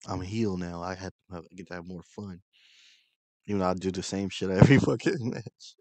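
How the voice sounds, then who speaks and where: A man's voice: low-pitched, a little fast, a little mellow, dry recording. A man giving casual, profane gameplay commentary, grumbling and irritated as he plays. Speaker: gaming streamer.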